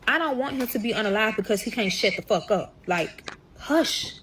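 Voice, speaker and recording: A woman's voice: medium pitch, fast, a bit bright, a little hiss or hum. Young woman, casual storytime, profane, talks straight to viewers. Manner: profane, addresses viewers as y'all.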